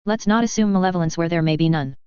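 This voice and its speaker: Woman doing a careful quiet knight-master man, lowish voice, dry muffled audio. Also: fast talker, smooth, no room sound, lightly acted. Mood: cautious. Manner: quiet, cautious.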